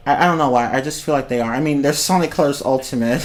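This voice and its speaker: A man's voice: medium pitch, fast talker, few pauses, slight background noise. A young man on a casual livestream, rambling about games, swearing freely and breaking into giggling fits. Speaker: streamer.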